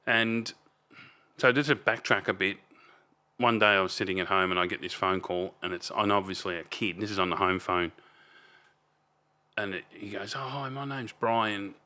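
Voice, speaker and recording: Casting note: Australian man, 50s, low voice, rambling podcast guest with blunt swearing. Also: fairly even intonation, moderate pace, long pauses, bright, forceful tone. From Melbourne, Australia. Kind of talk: casual storytelling.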